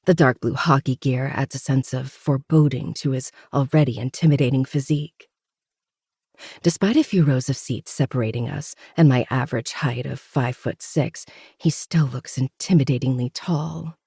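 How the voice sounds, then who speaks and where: A podcast host giving a steady, intimate first-person reading of a novel. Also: mid-range voice, normal speed, vocal fry, husky, no echo, clean studio sound. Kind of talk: first-person audiobook narration.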